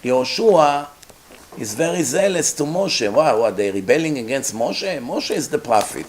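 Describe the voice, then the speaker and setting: Animated man giving a Torah lecture. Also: a little slow, slight background noise. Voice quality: non-native English grammar. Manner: animated storytelling, acts out characters with big pitch jumps. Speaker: rabbi.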